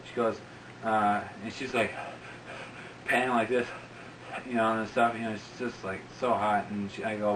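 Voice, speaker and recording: A man's voice: fairly low pitch, level tone, fairly quick, a bit bright. Man, 40s, casual storytelling, rambling with fillers, recorded from a distance, faint background noise. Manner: rambling, full of fillers, breaks into laughter. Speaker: interviewee.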